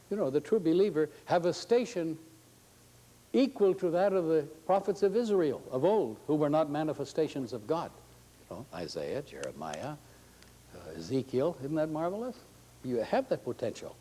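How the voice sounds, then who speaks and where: A man's voice: mid-range voice, low-quality recording. A man giving an inspirational talk to a faith gathering, folksy and joking with his listeners. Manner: folksy, joking, warmly conversational.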